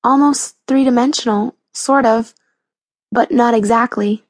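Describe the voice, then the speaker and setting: Calm brainy kid in a storybook, woman reading him, measured and mild, dry close sound. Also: fairly high pitch, no room sound. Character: thoughtful boy Andrew, calm and patient.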